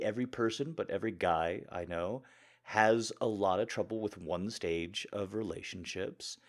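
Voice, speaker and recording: A man hosting an audio channel, answering listener questions in a casual, jokey, animated way. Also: lowish voice. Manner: animated, jokey, bursts of laughter. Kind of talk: casual Q&A chat.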